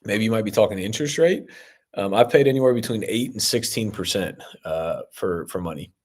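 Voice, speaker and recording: A man's voice: fairly low pitch, animated, fairly quick, a little mellow. A man coaching on real estate investing as he answers viewer comments in a casual live-stream Q&A, talking loosely with many fillers and an upbeat tone toward his viewers. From Ohio.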